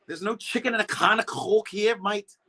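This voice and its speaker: A man's voice: sits high, moderate pace, pushed and bright, pitched above the performer's own voice, full character voice. A man putting on a mocking Scouse accent as a teasing bloke who keeps saying mate. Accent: Scouse (put on). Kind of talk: livestream banter.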